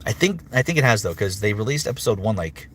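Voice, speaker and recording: A man's voice: fairly low pitch, big pitch swings, a bit bright, slight background noise. A man who works as a voice actor, chatting casually on a livestream and answering viewer comments with upbeat energy. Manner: chatty and upbeat, with frequent fillers and quick impressions. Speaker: voice actor streamer.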